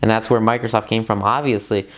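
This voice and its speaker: A man giving a casual motivational book commentary, excitable and emphatic, repeating words for stress and talking straight to his viewers with loose, rambling asides. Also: lowish voice, fast. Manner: loose and rambling, with many fillers and side tangents. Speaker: self-help book reviewer.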